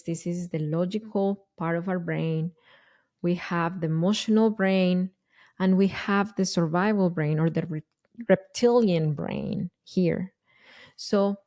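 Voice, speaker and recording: Earnest woman host, unhurried and mellow, explains parenting ideas patiently. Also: on the low side. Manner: earnest, slow and deliberate, with frequent restarts. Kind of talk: conversational explanation.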